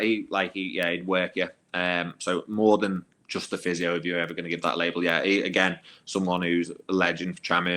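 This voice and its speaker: A man, a former youth footballer, telling anecdotes as a podcast guest in a casual, animated way with plenty of fillers. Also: low-pitched. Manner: animated, acts out quoted voices, filler-heavy.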